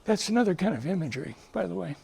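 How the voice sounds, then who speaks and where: Speaking very fast to a live audience, an older man who is a psychologist and guest speaker shares stories earnestly and with emphasis, frequently beginning sentences again. His high voice has lively intonation and sounds creaky, darkish and slightly rough.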